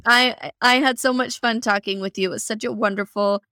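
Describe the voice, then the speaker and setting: A woman's voice: fairly high pitch, fairly even intonation, a little fast, pushed and bright, dry recording, clean studio sound. A woman hosting an interview podcast, talking in an earnest, emotional way with loose, restarting sentences. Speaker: podcast host.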